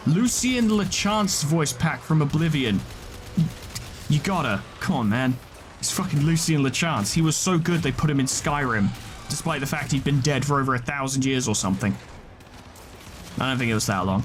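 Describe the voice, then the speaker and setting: A man rambling casually as he commentates a video game list, tossing out quick offhand verdicts and the odd swear. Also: medium pitch, lively intonation, soft background music. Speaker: gaming video creator.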